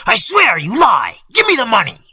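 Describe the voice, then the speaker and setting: A man reading aloud voices a desperate old father who is gruff and menacing and breaks into frantic, high shouts. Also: wildly swooping pitch, moderate pace, no echo, exaggerated voice.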